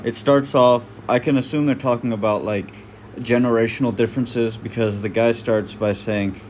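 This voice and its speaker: A man's voice: medium pitch, fairly even intonation, moderate pace, a little mellow, a little hiss or hum. A man doing casual reaction commentary, blunt and slangy, swearing freely. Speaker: online commentator.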